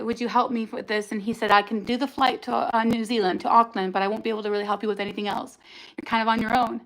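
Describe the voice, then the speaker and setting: A woman's voice: medium pitch, a bit bright. Candid woman telling her own story. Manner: candid, rambling, emotional. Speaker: livestream host. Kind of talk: confessional storytelling livestream.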